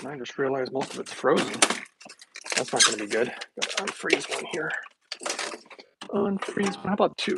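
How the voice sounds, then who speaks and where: A man hosting a health livestream, chatting casually and rambling with sarcastic asides while making a smoothie in his kitchen, recorded on a phone. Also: on the high side, very noisy.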